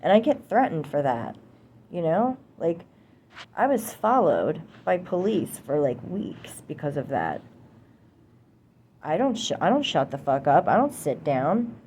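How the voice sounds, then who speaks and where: A woman's voice: deep voice, sing-song, unhurried, dark tone, a little hiss or hum. A young American woman delivering a heated, profane political rant to camera, repeating herself for emphasis. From United States. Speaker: vlogger.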